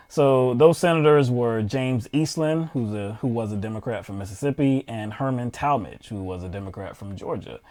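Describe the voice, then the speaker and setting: A male talk show co-host in an easy, conversational delivery, pausing with fillers as he reads quotes from his notes. His pitch sits in the middle range. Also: a little mellow. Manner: conversational, with frequent fillers while reading quotes aloud. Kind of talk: casual political commentary, reading news quotes.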